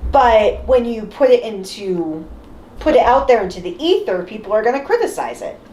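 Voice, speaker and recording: Lively, slow-talking woman in an echoey room. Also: fairly high pitch, a little hiss or hum. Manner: chatty and animated, often breaking into laughter. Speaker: podcast co-host. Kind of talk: casual group discussion. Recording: roomy echo.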